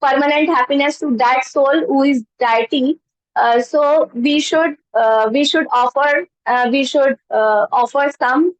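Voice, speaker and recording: A woman's voice: high-pitched, no room sound. Hesitant woman, muffled call audio. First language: not English. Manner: halting, many fillers and restarts. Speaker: class participant. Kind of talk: spontaneous practice speech.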